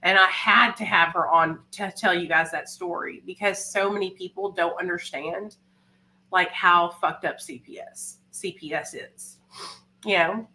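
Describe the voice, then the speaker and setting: A woman's voice: lowish voice, fairly even intonation, a little slow, sharp tone, rough recording. A young woman hosting a livestream, talking candidly and emotionally, rambling with fillers. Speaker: livestream host. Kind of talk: casual livestream talk.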